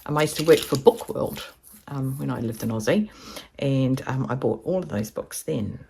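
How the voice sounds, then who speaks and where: A woman's voice: extremely low pitch, normal speed, creaky, mellow, slight background noise. A woman, chatting casually to camera in a rambling, storytelling way. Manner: chatty, rambling, acts out quoted voices. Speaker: vlogger.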